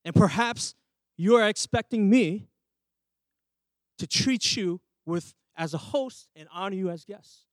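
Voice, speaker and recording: In church, a man with a high voice preaches a little slowly, the recording free of room sound. As a pastor, he delivers his sermon emphatically and keeps asking the congregation questions.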